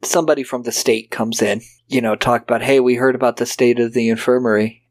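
A man's voice: mid-range voice, steady tone, quick pace. A man co-hosting a podcast, retelling a film's plot in casual chat. He mimics the characters' lines and swears freely. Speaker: podcast co-host. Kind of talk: casual film-recap chat.

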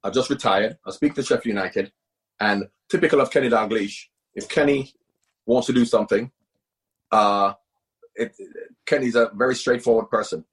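Speaking at a moderate pace in a mid-range voice, this middle-aged man, once a football manager, gives long answers as an interview guest. The talk is casual, and he stays emphatic, repeating points to stress them.

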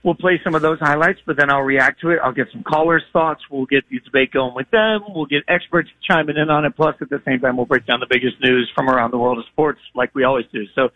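A man hosting a sports radio show, talking in a casual, energetic way and acting out other people's voices in his stories. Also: medium pitch, quick pace, hardly any pauses, no room sound, muffled recording. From moved from Nashville to Connecticut. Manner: animated, mimics voices in anecdotes. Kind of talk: fast, energetic casual talk.

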